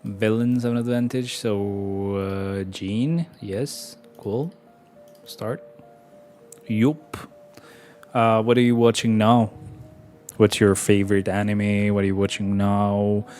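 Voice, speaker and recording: Over soft background music, a young streamer from Albania plays a game and chats with his viewers, rambling, cursing freely, and replying to chat between moves. He speaks slowly in a lowish, darkish voice with fairly even intonation.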